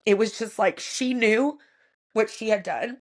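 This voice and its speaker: A woman co-hosting a podcast, telling a personal family story in a soft, reflective way with many casual fillers. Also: fairly high pitch, measured pace. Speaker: podcast co-host.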